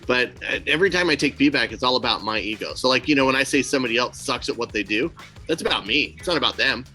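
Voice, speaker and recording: A man's voice: medium pitch, fast talker, faint music behind. A man co-hosting a casual podcast, telling stories with acted-out quotes and blunt, swearing asides. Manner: animated storyteller, acts out quotes. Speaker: podcast co-host. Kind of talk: casual chat.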